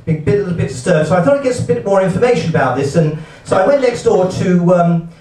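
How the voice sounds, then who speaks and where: A man doing stand-up at a live gig, stumbling through his set in a hesitant way, full of fillers and false starts. His voice sits high and swoops around a lot. He is heard from far off in an echoey hall, with audience laughter behind him. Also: animated, darkish tone. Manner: hesitant, halting delivery with many fillers and restarts. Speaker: stand-up comedian.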